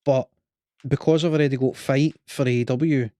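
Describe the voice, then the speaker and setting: A man's voice: medium pitch, steady tone, moderate pace, dark tone, no room sound, clean studio sound. A Scottish man co-hosting a podcast, chatting casually in a rambling, hesitant way. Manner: rambling, hesitant, lots of fillers. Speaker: podcast co-host. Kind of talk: casual chat.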